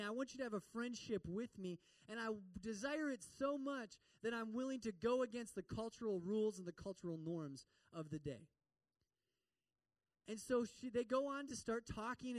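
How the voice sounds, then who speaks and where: A high-voiced man delivers a lively sermon, acting out the characters as he tells the story. He is picked up from some distance away, and the sound stays dry with little room echo. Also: moderate pace. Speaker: pastor.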